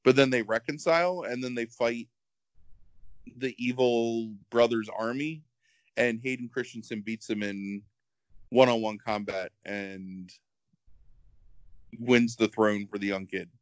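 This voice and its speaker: A man co-hosting a podcast in casual chat, rambling and animated, filling with "like". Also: mid-range voice, a little slow, long pauses, clean tone, no echo.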